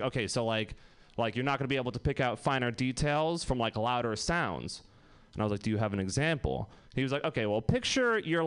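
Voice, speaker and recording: A man's voice: mid-range voice, clear, resonant tone. A man in his twenties doing a rambling stand-up set, laughing at his own jokes. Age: 20s. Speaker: stand-up comic.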